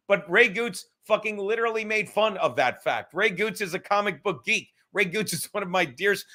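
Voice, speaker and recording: A man with a New York accent hosting a podcast livestream, ranting loudly and profanely, swinging between shouting and muttering asides. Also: high-pitched. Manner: loud, swearing, rambling, shifts from shouting to mumbling. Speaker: podcast host.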